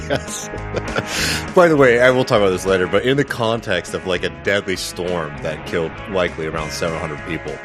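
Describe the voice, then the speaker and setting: A man's voice: low voice, fairly quick, over music. A man co-hosting a casual political podcast, talking earnestly as he runs through the upcoming segments. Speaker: podcast co-host.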